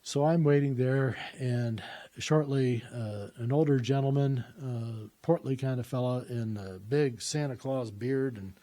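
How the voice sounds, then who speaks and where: A man's voice: medium pitch, unhurried, warm tone. A man telling a personal story in a casual, rambling way, with lots of "uh" fillers and restarts.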